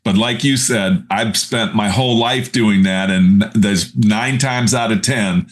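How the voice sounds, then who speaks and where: A man's voice: lowish voice, unhurried. A middle-aged man hosting a podcast over a video call, asking long, enthusiastic questions that wander a bit. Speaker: podcast host. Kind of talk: casual podcast interview.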